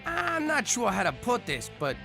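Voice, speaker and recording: An actor playing a bumbling, self-pitying mob boss in a cartoon, sheepish and rambling. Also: male voice, extremely high pitch, huge pitch swings, creaky, over music, full character voice. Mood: baffled. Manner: sheepish, rambling, quick to apologize. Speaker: exiled mobster lead. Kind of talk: cartoon voice acting.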